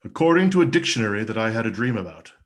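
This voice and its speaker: Deadpan man pitching a mock ad. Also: very fast. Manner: dry, formal, mock-earnest delivery. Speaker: comedian performing a mock ad. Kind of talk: deadpan spoof commercial pitch. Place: home video stream.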